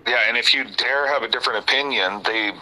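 A man's voice: mid-range voice, fast, sharp tone, low-quality recording. A man from Canada co-hosting a political talk show, conversational and wry. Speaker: podcast co-host.

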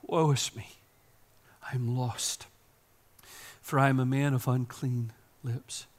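A man preaching a sermon, swinging from hushed whispers to loud, impassioned preaching. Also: medium pitch, steady tone, slow pace. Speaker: pastor.

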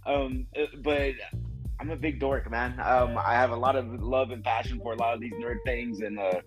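A man's voice: mid-range voice, steady tone, normal speed, soft background music, poor audio. A man who is a guest on a podcast, chatting casually in a laid-back way and laughing often. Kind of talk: casual chat.

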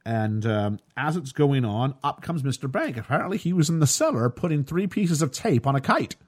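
A man's voice: mid-range voice, lively intonation, normal speed, husky. A man hosting a casual chat about a film, sarcastic and mock-outraged, often acting out the lines he quotes. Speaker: podcast host reviewing a film.

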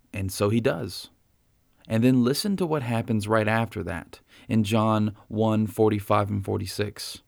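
A man's voice: on the low side, creaky, a little mellow, dry recording, clean studio sound. A man preaching a sermon as a pastor, in a conversational way that keeps checking in with listeners. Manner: conversational preaching, frequent "right?".

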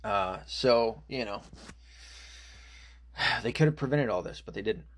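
A man's voice: medium pitch, animated, a little slow. A man delivering an angry, profane political rant, full of fillers and restarts. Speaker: political commentator.

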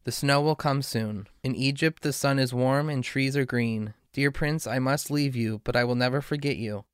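A man voicing a loyal, gentle little male swallow in a storybook reading, soft and earnest. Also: medium pitch, normal speed, clear, resonant tone, no echo, studio quality, close to an everyday voice.

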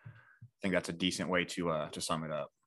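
A man hosting a casual podcast, talking in a relaxed way with many fillers and moving the topics along. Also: low voice, a little fast, slight background noise. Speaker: podcast host.

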